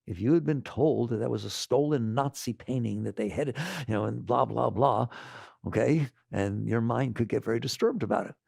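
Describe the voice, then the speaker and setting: Older man, spiritual talk, gravelly voice, dry close sound, animated and rhetorical. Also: mid-range voice, moderate pace, no room sound. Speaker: spiritual teacher. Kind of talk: spiritual talk to a live audience.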